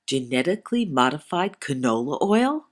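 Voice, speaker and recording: A woman's voice: low-pitched, big pitch swings, normal speed, noisy background. A woman doing playful, teasing voice-over asides for a cooking show.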